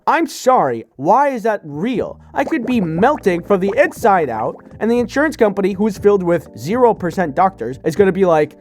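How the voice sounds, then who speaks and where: A young man tells a comic, exasperated story from his own life. His fairly high voice swoops up and down a lot as he acts out the people in it. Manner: exasperated, bitter and playful, with lively quoted voices. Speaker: animated storyteller. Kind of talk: comedic storytime narration.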